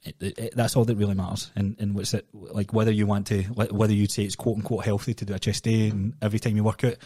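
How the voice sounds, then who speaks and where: Male podcast co-host, low and quick, dry close sound, casual and profane. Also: slightly rough, no echo. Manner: fast, swearing, animated storytelling. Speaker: podcast co-host, personal trainer. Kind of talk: casual chat.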